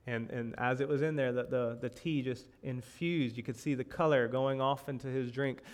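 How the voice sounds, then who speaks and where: A male pastor giving a sermon in a church, speaking conversationally and repeating key phrases, rising in pitch for emphasis. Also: fairly even intonation, normal speed.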